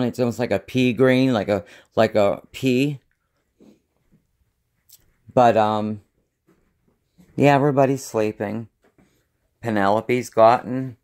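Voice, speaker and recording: A man vlogging to camera in a slow, unhurried way, wandering from one thought to the next. He is a psychic medium chatting casually, often trailing off and starting over. His voice sits at an ordinary middle pitch. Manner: meandering, loses his train of thought. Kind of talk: rambling casual vlog.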